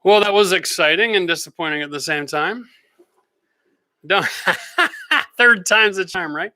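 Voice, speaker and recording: Man, middle-aged, casual live-stream host, joking, higher voice. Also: moderate pace, sharp tone, no room sound. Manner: chatty, joking, greets viewers by name. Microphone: close microphone.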